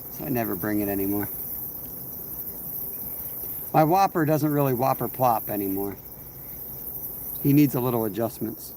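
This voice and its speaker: This is a man's medium-pitched voice with a darkish tone. He's running an outdoor fishing livestream, chatting loosely and responding to viewers as he fishes, and the recording picks up insect and cricket sounds.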